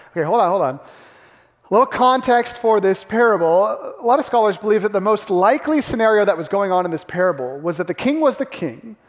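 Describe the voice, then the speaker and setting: A male pastor preaching a sermon, animated, acting out the crowd's gasps and the characters' lines. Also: sits high. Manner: animated, acts out gasps and quotes. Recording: long hall reverb.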